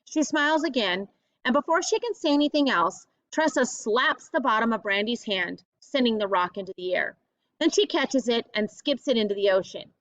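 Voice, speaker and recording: A woman's voice: fairly high pitch, lively intonation, moderate pace, a bit bright, no room sound. Earnest woman reading an audiobook. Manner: plain, earnest storytelling. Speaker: audiobook narrator. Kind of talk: first-person audiobook narration. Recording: dull lo-fi audiobook recording.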